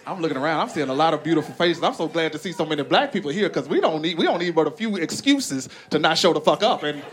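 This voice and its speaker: Talking fast, an Arkansas-born stand-up comic with a Southern American accent tells profane, lively stories to a live audience in a large comedy venue. Big jumps in pitch mark the characters he voices, and the crowd's laughter and noise come through throughout.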